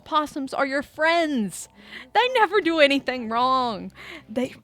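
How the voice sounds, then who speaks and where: A woman streaming a video game, chatting casually with viewers and telling rambling, animated stories with bursts of swearing. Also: sits high, takes it slowly, no room sound. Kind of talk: casual gameplay chat.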